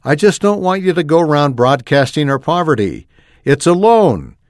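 A man's voice: on the high side, very animated, normal speed, no room sound, clean studio sound. A man reading aloud, voicing a mocking, grumbling teenage brother with a hidden kind streak. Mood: teasing. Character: teasing gruff teen older brother, secretly kind.

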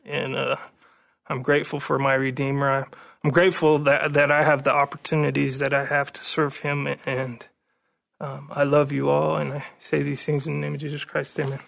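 A man giving a personal recovery testimony at a meeting, earnest and halting, often repeating words as he goes. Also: a little high, completely flat delivery, creaky, fairly bright tone.

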